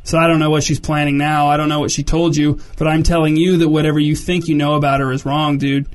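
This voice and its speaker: A man voicing a blunt, jealous young boyfriend who talks low and pushy, calling everyone "dude". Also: flat delivery, fast talker, close to an everyday voice. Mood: brooding.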